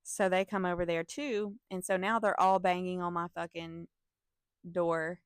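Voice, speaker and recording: A young woman telling a story from her school days in an animated, profane manner, with laughing asides to her viewers. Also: on the low side, unhurried, clean tone, dry recording, studio quality. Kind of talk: casual storytime vlog.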